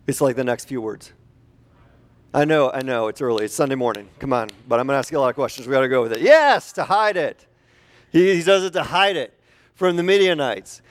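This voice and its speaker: A man preaching a conversational sermon as a pastor, animated and chatty, putting questions to the congregation. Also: on the high side.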